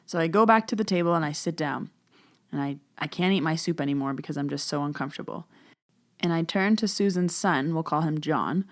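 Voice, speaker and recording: A woman with a fairly low speaking voice tells her own story as a medium. She talks in a loose, chatty podcast manner, full of "so" and "like", and she slips into a hush when she recalls whispered moments. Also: fairly quick. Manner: chatty, many "so" and "like" fillers, hushed when she retells whispered talk.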